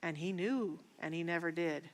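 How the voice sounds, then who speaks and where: Earnest woman teaching in a reverberant hall. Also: fairly low pitch. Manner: earnest, personal, unhurried. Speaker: minister teaching a prosperity class. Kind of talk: spiritual teaching talk. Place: church sanctuary.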